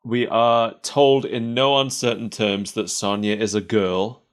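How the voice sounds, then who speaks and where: A man's voice: lowish voice, little pitch movement, measured pace, clear, resonant tone. A man co-hosting a podcast, chatting casually and laughing often between wry asides. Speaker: podcast co-host. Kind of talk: casual chat.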